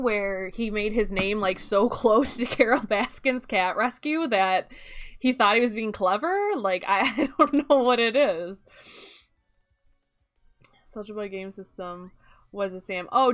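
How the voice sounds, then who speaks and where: A woman's voice: a little high, expressive, a little slow, a bit bright. A young woman with a Midwestern accent, chatting casually and rambling while she streams a game, often breaking into laughs.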